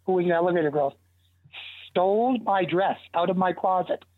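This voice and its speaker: On a tinny, dry phone line, an older man speaks at a moderate pace in a high-pitched voice. He's an interview guest telling long, rambling anecdotes, animated and full of restarts.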